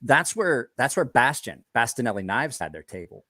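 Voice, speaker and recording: A man in casual podcast chat who tells stories with energy, acts out what people said and breaks into laughter. His voice sits at a middling pitch. The sound is dry and close. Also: normal speed, dry recording. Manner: animated storyteller, acts out quotes, laughs often. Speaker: knife maker.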